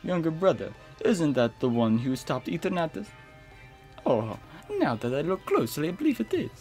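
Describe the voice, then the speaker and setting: A man's voice: on the high side, big pitch swings, darkish tone, soft background music, pitched above the performer's own voice. A man putting on a snooty British villain. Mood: haughty. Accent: put-on British. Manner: theatrical, snooty, drawn-out delivery. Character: haughty, pompous adult male villain brother.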